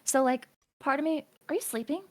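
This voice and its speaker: High-voiced young woman, chatty and teasing. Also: fairly quick. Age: young adult. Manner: imaginative, rambling, teasing, laughs often. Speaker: streamer. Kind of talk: casual chat.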